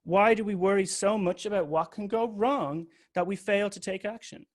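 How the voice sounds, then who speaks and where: Guy giving a talk, open and confessional, bit of a higher voice, swears now and then. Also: moderate pace. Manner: candid, confessional, occasional swearing. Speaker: public speaker. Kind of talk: personal storytelling talk.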